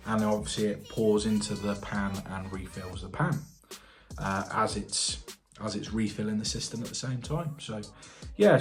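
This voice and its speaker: A British man, a plumber and channel host, chatting casually in a reaction vlog, thinking aloud and asking viewers questions. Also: on the low side. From United Kingdom.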